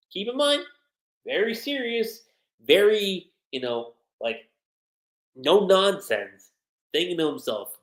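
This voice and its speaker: A man breaks down a manga chapter in a loose, slangy livestream review. His pitch swings widely as he acts out the scenes. The recording has a roomy echo. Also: slow. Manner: animated, slangy, retells scenes in quoted voices.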